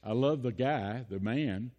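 A man's voice: medium pitch, measured pace, muffled recording. Older guy pastor, chatty storytelling sermon that gets fired up, big echoey church sound. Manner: folksy storytelling that builds to impassioned preaching. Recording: long hall reverb.

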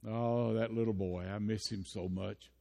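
A man's voice: lowish voice, fairly even intonation, measured pace, vocal fry, a little mellow. Older preacher man in a reverberant hall. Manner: folksy storytelling that builds to impassioned preaching. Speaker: pastor. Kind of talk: sermon.

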